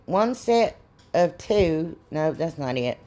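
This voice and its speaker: A woman's voice: sits low, lively intonation, slow, mellow. A middle-aged woman, rambling and self-deprecating as she explains a craft in a casual tutorial. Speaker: DIY crafts channel host.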